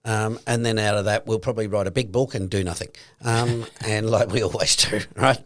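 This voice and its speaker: A man's voice: lowish voice, steady tone, fairly quick, few pauses. A man with an Australian accent co-hosting a casual podcast chat about investing, explaining his points by acting out made-up conversations. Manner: explains points through acted-out hypothetical conversations. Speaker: podcast co-host.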